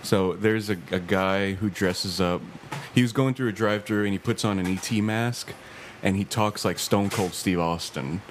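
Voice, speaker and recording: A man's voice: on the low side, moderate pace, background noise. A man hosting a casual podcast chat, joking and laughing often. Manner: jokey, laughs often, trails off. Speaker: podcast host.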